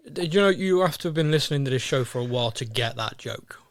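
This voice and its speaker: A young man hosting a podcast in a casual, playful chat, full of jokes and quick asides. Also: a little high, animated, no echo, studio quality. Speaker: podcast host.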